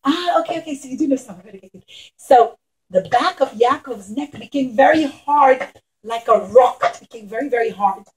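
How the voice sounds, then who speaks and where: A woman telling a puppet show story to young children, animated and talking straight to them. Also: high-pitched, fairly quick, poor audio.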